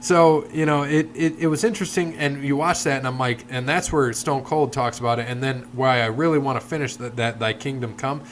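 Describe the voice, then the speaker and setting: A man's voice: mid-range voice, fairly even intonation, fairly quick, few pauses. A man co-hosting a casual podcast, telling long rambling stories and acting out the people in them. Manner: rambling storyteller, retells anecdotes with quoted voices. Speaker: podcast co-host. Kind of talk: casual chat.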